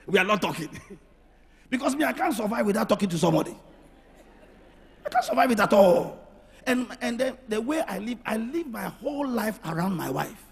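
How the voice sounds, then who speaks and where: Raspy high-pitched preacher in a hall. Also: male voice. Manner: animated, swings from soft asides to shouting. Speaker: pastor. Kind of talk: sermon. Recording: reverberant hall with music behind.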